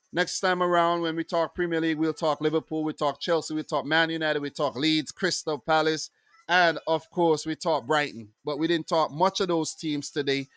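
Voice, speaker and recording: Guy rambling about football on his channel, kinda high voice, smooth, dry close mic. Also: no room sound. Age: adult with wife and three kids. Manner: chatty, loose, shouting out viewers. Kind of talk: casual solo football review.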